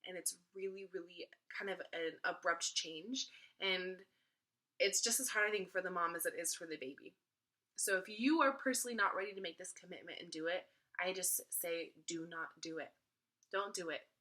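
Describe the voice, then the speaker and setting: A woman's voice: lowish voice, normal speed, pushed and bright. A young woman talking casually to camera as a mom vlogger, earnest and repeating points for emphasis. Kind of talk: casual advice vlog.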